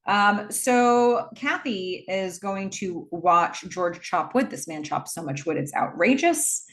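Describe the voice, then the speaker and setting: A woman's voice: mid-range voice, lively intonation, slow. A woman casually recapping a movie scene by scene, rambling and wry, with lots of fillers and restarts.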